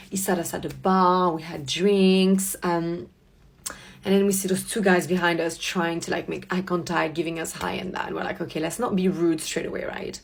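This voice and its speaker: A woman telling a story to her viewers in a blunt, profane, animated rant. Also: fairly low pitch, creaky. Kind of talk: casual ranting storytime.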